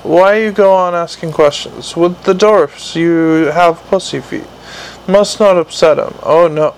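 A man voicing a huge, gruff troll sergeant who speaks slow, broken English. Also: fairly high pitch, slight background noise, rough recording. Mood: angry. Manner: broken grammar, slow dragged-out words.

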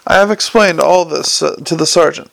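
A man reading the part of a quick-witted, exasperated man under police questioning, sarcastic and flustered. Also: a little high, vocal fry, a bit bright, no echo. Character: quick-witted exasperated male con man turned banker.

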